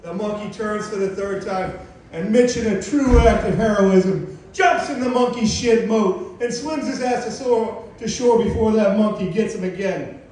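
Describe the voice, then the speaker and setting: High-voiced guy doing crude standup, echoey club, far off mic, noisy. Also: lively intonation, unhurried. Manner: crude, loud acting out of shouted quotes. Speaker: stand-up comedian. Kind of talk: stand-up storytelling. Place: comedy club stage.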